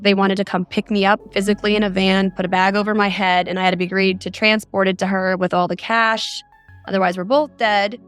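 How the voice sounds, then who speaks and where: A woman's voice: mid-range voice, flat delivery, fairly quick, a bit bright, clear, resonant tone, faint music behind. A woman, a mother of four, recounting a frightening phone call in earnest detail as a podcast guest. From Arizona. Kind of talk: podcast interview, recounting a story.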